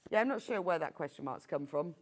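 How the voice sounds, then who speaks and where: A woman's voice: fairly low pitch, lively intonation, fast talker. A middle-aged woman presenting a live home-shopping show, chatty and gushing with enthusiasm.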